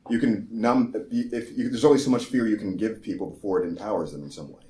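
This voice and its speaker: A man co-hosting a casual movie discussion podcast, thoughtful and halting, often restarting his sentences. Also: fairly low pitch, steady tone, dark tone. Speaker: podcast co-host.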